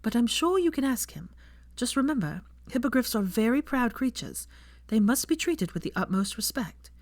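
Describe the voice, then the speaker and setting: A woman voicing a kind, tired young woman in an audiobook reading, speaking softly and tenderly. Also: fairly high pitch, very animated, no room sound, voice pushed up. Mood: gentle. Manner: soft, tender, measured. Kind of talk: audiobook character voice.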